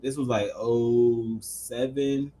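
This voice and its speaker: A man's voice: mid-range voice, fairly even intonation, takes it slowly, mellow, a little hiss or hum, poor audio. A man from North Carolina with a Southern accent, hosting a podcast in a laid-back chat and laughing easily. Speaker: podcast host. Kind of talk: casual interview chat.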